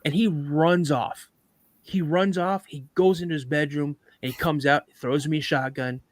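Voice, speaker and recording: A man telling a personal story on a live podcast, animated, acting out sounds and voices as he goes. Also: on the high side, moderate pace, no room sound.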